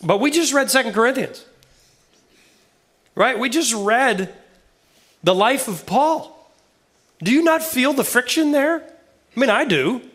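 A man's voice: very high-pitched, expressive, a little slow, pauses often, a bit bright. A man preaching a conversational sermon, reading Bible verses aloud with casual asides and questions to his listeners. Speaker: pastor.

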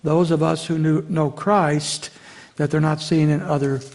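A man's voice: fairly high pitch, little pitch movement, measured pace, a little mellow. A man preaching a sermon as pastor, earnest and direct, often restarting his phrases and calling the listeners folks. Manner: addresses congregation as folks.

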